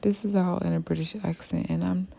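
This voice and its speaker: A woman's voice: lowish voice, level tone, fairly quick, vocal fry, dark tone. A young woman, a hairstylist, telling a personal story in a chatty, rambling way with lots of fillers. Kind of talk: casual storytime.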